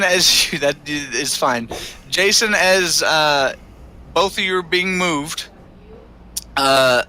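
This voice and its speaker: A man's voice: a little high, bright, forceful tone, slight background noise. A man running a tabletop game as game master, narrating with many hesitations. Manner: hesitant, lots of uh, laughs often.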